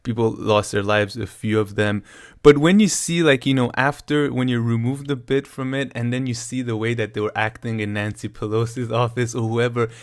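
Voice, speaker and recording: A man's voice: mid-range voice, fairly even intonation, moderate pace. A man co-hosting a casual news discussion, talking loosely and chattily with lots of "like" and "I mean.". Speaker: co-host of a news discussion show. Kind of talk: casual political chat.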